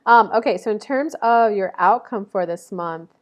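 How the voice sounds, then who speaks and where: A woman in her thirties talks through an astrology reading in a loose, rambling way, full of fillers and restarts. Her voice sits at a middling pitch. She speaks straight to viewers through a camera mic. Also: normal speed. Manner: rambling, chatty, many fillers and self-corrections. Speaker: astrology reader. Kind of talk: casual monthly zodiac reading to camera.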